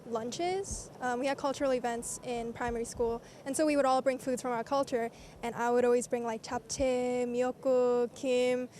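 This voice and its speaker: Chatty high-voiced young woman. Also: a little fast, few pauses, a little mellow, a little hiss or hum. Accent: American. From South Africa. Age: young adult. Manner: chatty, frequent "like" fillers, laughs while talking. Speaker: interviewee. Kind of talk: casual street interview. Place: outdoors in a city.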